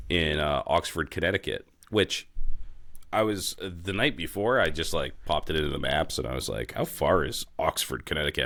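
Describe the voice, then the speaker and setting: Deep-voiced laid-back guy saying dude. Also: sharp tone, no echo. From New England. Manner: swearing, laid-back, says dude a lot. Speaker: podcast co-host. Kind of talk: casual chat.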